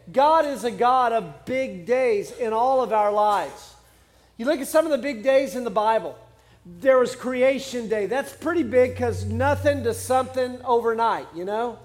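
Male pastor, very high-pitched, conversational and humorous sermon delivery. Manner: conversational, humorous preaching with acted quotes.

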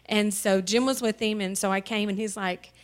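A woman telling her family's story as a church testimony, tearful and halting, with many pauses and fillers. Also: mid-range voice, steady tone. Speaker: mother sharing a testimony. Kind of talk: emotional personal testimony. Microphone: handheld microphone.

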